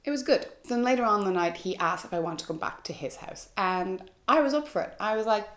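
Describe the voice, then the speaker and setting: A woman's voice: mid-range voice, expressive, fast, a bit bright. A young woman vlogger telling a personal story to camera, candid and frank, with lots of "like" and "you know". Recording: echoey room.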